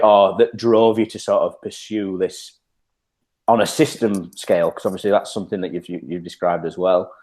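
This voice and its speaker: Hesitant low-voiced man. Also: a little mellow. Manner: hesitant, hedging with fillers. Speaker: podcast co-host. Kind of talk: casual podcast chat.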